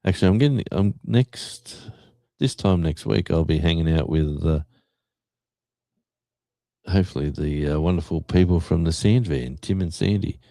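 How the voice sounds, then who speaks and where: Low-voiced Australian man chatting. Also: moderate pace, gravelly, dark tone, dry recording. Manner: rambling, many fillers and restarts. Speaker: livestream host. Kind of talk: casual chat reading a live chat.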